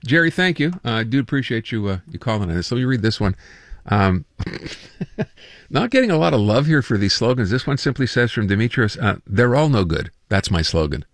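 A man's voice: medium pitch, sing-song, brisk, dry recording. Man, radio call-in host, casual chat, amused, reading texts aloud, dry close studio sound. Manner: chatty, amused, reads listener texts aloud. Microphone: studio microphone.

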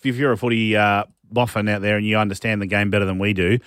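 A man's voice: lowish voice, level tone, fast talker, fairly bright tone, smooth, no room sound, studio quality. An Australian man hosting a radio show, chatting casually in a frank, exasperated way. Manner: frank, exasperated, repeats himself. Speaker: radio host. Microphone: studio microphone.

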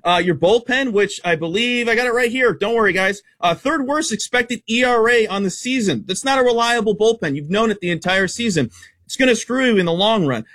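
A man working as a sports betting analyst, rattling off baseball stats quickly and bluntly on a radio show. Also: sits high, animated, fairly bright tone. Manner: rapid stat-heavy, emphatic and blunt.

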